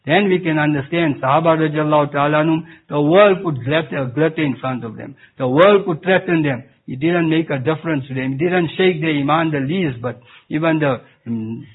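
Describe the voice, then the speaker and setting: A man giving an Islamic sermon as a Sufi preacher, halting and restarting, with Arabic recitation woven in. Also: a little high, husky. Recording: tinny phone-like recording.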